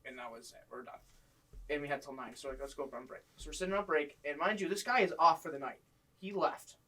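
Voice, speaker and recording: A man telling funny stories from his old job in casual chat, animated and swearing freely. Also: a little high, fast, distant mic. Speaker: guest storyteller.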